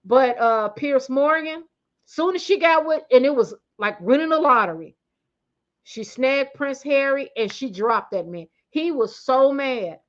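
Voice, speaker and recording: A woman gives blunt, slangy commentary on her vlog in a fairly high voice. She stresses her points hard and often breaks off and restarts mid-sentence. The recording is slightly muffled and lo-fi. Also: animated, measured pace, a bit bright. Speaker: commentary vlogger. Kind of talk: casual opinionated commentary.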